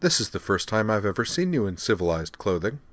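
A man voicing a poised, imperious teenage alien princess in an audiobook, speaking in a controlled, flat, formal way. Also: on the low side, fairly quick, no echo. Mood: composed formal.

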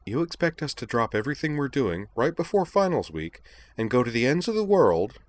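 Brief: male reader voicing an indignant schoolgirl, shrill and disbelieving, storybook reading. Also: big pitch swings, a little fast, no echo, lightly acted. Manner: incredulous, rising to a high pitch. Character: young female student, shrill and indignant. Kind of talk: audiobook reading of fan fiction.

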